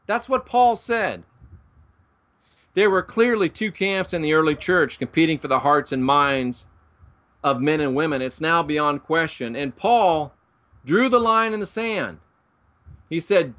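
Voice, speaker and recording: A man teaching the Bible in an emphatic, preaching style, his voice bright and forceful and pitched a little high. He talks straight to his viewers in a folksy way and mixes in jokes. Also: expressive, takes it slowly. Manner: emphatic, folksy, joking asides.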